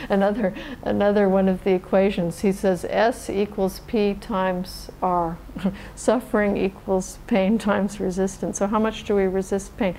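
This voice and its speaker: Woman meditation teacher, mid-pitched, calm and unhurried, for a dharma talk. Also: slight background noise, poor audio. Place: meditation center hall.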